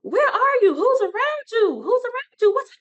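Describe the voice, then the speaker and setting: A woman's voice: very high voice, sing-song, normal speed, distant mic, dull audio, pitched above the performer's own voice. A woman voicing her alarmed mother, who fires off urgent, frantic questions.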